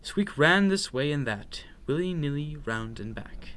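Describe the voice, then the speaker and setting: A man reading a children's picture book aloud in an expressive, playful, sing-song way. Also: a little high, unhurried. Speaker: storyteller.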